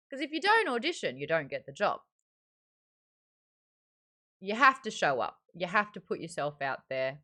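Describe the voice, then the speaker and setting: A woman's voice: mid-range voice, a bit bright. An Australian woman hosting a live-streamed book club, chatting candidly with lots of fillers. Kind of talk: casual live-stream chat.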